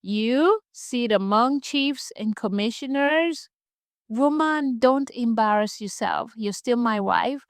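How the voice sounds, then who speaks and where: A woman puts on an arrogant husband from a storybook, mocking and dismissive as he talks down to his wife. The voice stays smooth and clear, with a dry, close sound. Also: mid-range voice, a little slow, no echo, natural voice. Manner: scornful, dismissive.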